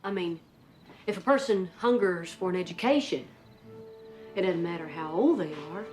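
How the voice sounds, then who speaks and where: A woman's voice: on the low side, expressive, moderate pace, natural voice. A woman playing a twangy, wistful mother. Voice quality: twangy accent. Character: middle-aged wife and mother longing for college. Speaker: film character in clips. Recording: film audio with soft music.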